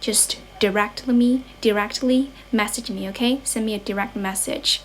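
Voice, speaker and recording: A woman's voice: medium pitch, fairly even intonation, moderate pace, a little hiss or hum. Chatty Chinese woman teaching English. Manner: mixes English with Mandarin, chatty, self-correcting. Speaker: English tutor livestreamer. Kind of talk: casual livestream chat, reading viewer comments.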